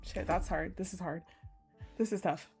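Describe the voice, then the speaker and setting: A woman's voice: on the low side, normal speed, a little mellow, faint music behind. A woman game streamer reading a story aloud and reacting emotionally, close to tears.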